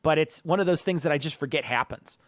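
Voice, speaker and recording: A man from Northern Illinois co-hosting a podcast, talking in a rambling, animated way with restarts and swearing. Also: a little high, fast, dry recording, studio quality. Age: adult, past college. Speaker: podcast co-host. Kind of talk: casual chat.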